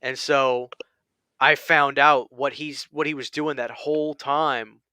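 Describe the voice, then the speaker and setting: A man's voice: medium pitch, steady tone, slow, bright, forceful tone, smooth, no echo, studio quality. A man hosting a casual chat, telling a long story with many restarts and quoted lines. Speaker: channel host.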